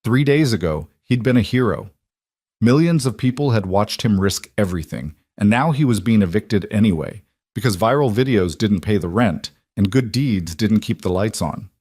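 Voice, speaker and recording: A man reading a dramatic story as a narrator, in a steady, even storytelling manner. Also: fairly low pitch, normal speed, breathy edge, dry recording, studio quality.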